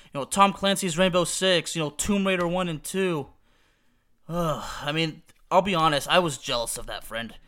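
A man's voice: on the high side, pushed and bright. A young man hosting a podcast, rambling casually through nostalgic memories with many restarts and fillers. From Texas. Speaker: podcast host.

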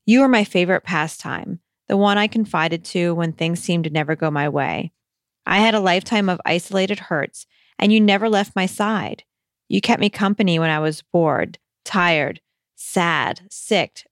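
A woman's voice: on the low side, gravelly, dry recording, clean studio sound. A woman hosting a podcast, reading a listener's letter aloud and then giving reassuring, conversational advice with some hesitant restarts.

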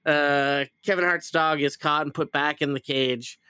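A man retells a movie plot in a loose, rambling chat, swearing often and slipping into goofy voices for the characters. His voice sits a little high, bright and crisp. The sound is dry and close. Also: steady tone, unhurried, no echo. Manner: rambling, profane, acts out lines with silly voices. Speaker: podcast host reviewing a movie. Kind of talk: casual chat.

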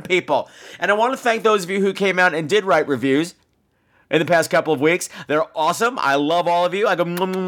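A man's voice: high voice, a bit bright. A man hosting a podcast, campy and theatrical, swearing freely while he wraps up the show. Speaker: podcast host. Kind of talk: solo podcast wrap-up.

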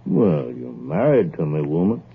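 An actor playing a slow, laconic husband, in an old-time radio drama. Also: male voice, very deep voice, big pitch swings, gravelly, husky, full character voice. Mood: coaxing. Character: slow, simple rural husband, a killer, low-key. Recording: tinny old radio broadcast.

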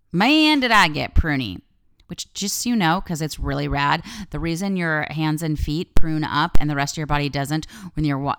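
A woman with a low, slightly gravelly voice hosts her own podcast in a loose, candid monologue. She swears freely and wanders into side tangents before coming back to her point. Her voice sounds smooth and dry. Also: fairly bright tone, dry recording. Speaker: podcast host. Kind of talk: casual solo podcast monologue.

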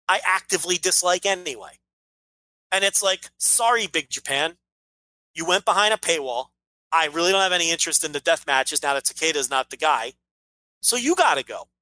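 A man's voice: high-pitched, sharp tone, dry recording, poor audio. A man co-hosting a casual podcast, opinionated and ranting, swearing freely as he makes his case. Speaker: podcast co-host.

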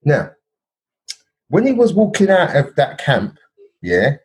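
Animated man telling a story. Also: fairly high pitch, slow pace. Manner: animated storytelling, checks in with "yeah?" and "bro". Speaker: podcast co-host. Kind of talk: casual chat.

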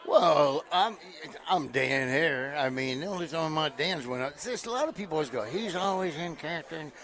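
A middle-aged man from southeast Nebraska, a comedian guest, telling stories in a casual interview and jumping up loud and high whenever he quotes someone. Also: normal speed, a crowd in the background. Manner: animated storyteller who jumps up loud and high when quoting people.

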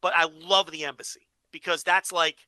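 Man, podcast co-host, very bright tense voice, dry close sound, casual profane chat. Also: on the high side, normal speed, no room sound, poor audio. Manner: profane, animated storytelling.

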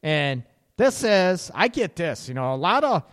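A male radio host giving relationship advice in a blunt, sarcastic way, swearing casually. His voice sits a little high and swings widely in pitch. The recording carries a long, ringing reverb. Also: big pitch swings, measured pace.

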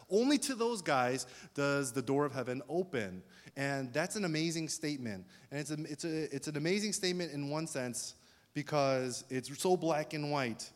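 A man preaching a sermon as pastor, talking casually and often checking in with his listeners through questions. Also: on the high side. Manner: conversational, asks the congregation questions. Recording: long reverb of a large hall.

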